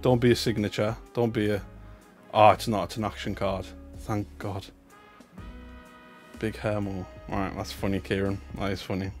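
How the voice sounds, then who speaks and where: Excitable man streaming live. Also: fairly low pitch, moderate pace, faint music behind. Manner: excitable, chatty, swings between loud hype and muttering asides. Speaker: livestreamer opening trading cards. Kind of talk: casual live-stream commentary.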